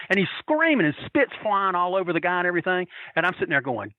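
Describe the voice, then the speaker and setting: A man telling wild stories as a podcast guest, animated and profane, laughing his way through them. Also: fairly high pitch, quick pace, hardly any pauses, no room sound, phone-quality sound. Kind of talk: casual storytelling.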